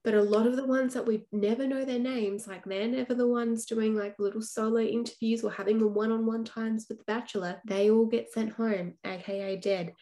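A woman's voice: a little high, fairly even intonation, fairly quick, hardly any pauses, mellow. A woman co-hosting a book podcast, chatting through the plot and explaining comparisons. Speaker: podcast co-host. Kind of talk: casual book chat.

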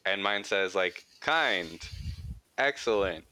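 Deep-voiced and animated, a young man hosting a podcast tells a childhood story slowly, his sharp-toned delivery rambling, profane and packed with "like."

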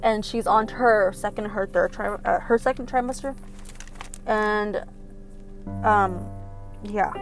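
A young woman casually retelling a film plot, animated and profane, with lots of fillers. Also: medium pitch, slow pace, pauses often, soft background music. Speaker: film recapper. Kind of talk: casual storytelling recap.

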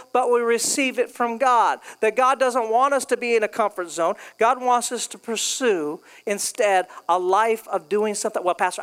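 A man's voice: very high voice, smooth. Man preaching a jokey storytelling sermon. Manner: storytelling, joking, animated. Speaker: pastor.

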